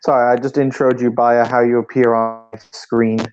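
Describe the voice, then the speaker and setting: A game master narrating a tabletop game in a calm, measured way. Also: mid-range voice. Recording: dull lo-fi mic with background hiss.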